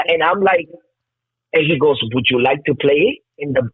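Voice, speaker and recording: A man in his fifties from Cuba, telling stories as a guest musician in an excitable, rambling way, swearing a lot. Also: a little high, normal speed, husky, dry recording. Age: 50s. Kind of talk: casual storytelling interview. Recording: tinny phone-like call line.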